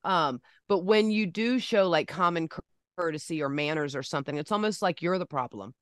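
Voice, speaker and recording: Casting: low-pitched woman co-host, wry and joking, dry close sound. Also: moderate pace, fairly bright tone, no echo. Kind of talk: casual chat. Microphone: video call.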